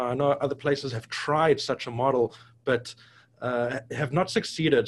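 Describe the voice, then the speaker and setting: A man interviewer with an ordinary middle-pitched voice frames long questions slowly and thoughtfully. His tone is conversational and unhurried.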